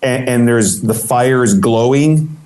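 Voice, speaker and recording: Animated male interview guest. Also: mid-range voice, takes it slowly. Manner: animated, acts out quoted voices, many restarts. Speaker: guest photographer. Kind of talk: casual storytelling interview.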